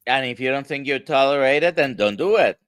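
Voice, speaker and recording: A man with a Spanish accent, a doctor co-hosting a live show, speaking in an animated way. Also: mid-range voice, fairly quick, smooth, no room sound. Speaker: doctor and co-host.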